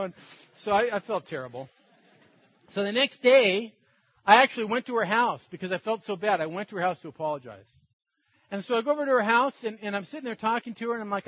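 An older man giving a personal testimony in an animated storytelling way, acting out the voices of people in his story. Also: sits high, normal speed, slightly rough, no echo. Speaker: testimony speaker. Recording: dull dry lo-fi recording.

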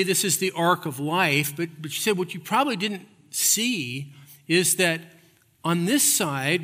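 A man's voice: a little high, pushed and bright, long reverb tail. A man preaching a sermon as pastor, telling a story with humor and building to emphatic points, in a church. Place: church sanctuary.

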